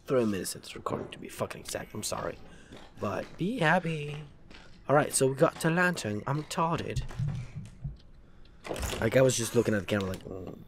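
A young man with a sick, raspy voice, cursing and reacting jumpily while playing a horror game. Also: medium pitch, expressive, quick pace, slight background noise. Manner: profane, jumpy, talks to himself. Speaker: gaming let's-player.

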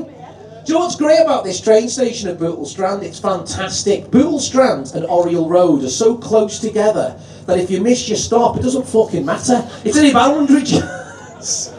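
Scouse stand-up compere, male, high bright-ish voice but mellow tone, heard from a distance in an echoey club. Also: expressive, normal speed. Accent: Liverpool. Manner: swearing, chatty, crowd-teasing. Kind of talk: stand-up comedy set. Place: live comedy venue.

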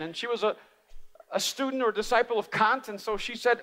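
A man preaching a sermon as an animated, humorous storyteller. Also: very high voice, fairly quick. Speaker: speaker. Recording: reverberant live hall.

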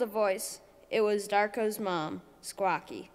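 Slow-reading woman in an echoing hall. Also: mid-range voice. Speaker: poetry reader. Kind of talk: reading a story poem aloud. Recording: long hall reverb.

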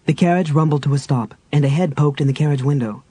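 Breathy male audiobook narrator. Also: a little high, fast, poor audio. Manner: even, storytelling delivery.

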